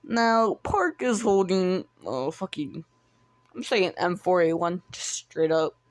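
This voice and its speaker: A woman's voice: lowish voice, a little slow. A woman casually retelling a fan story, rambling and stumbling over her words with lots of restarts and some offhand swearing.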